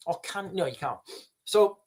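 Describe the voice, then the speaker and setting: A man hosting a livestream gives blunt, emphatic advice to his viewers, repeating his points with frequent restarts and fillers. His voice sits high, with lively intonation and a measured pace.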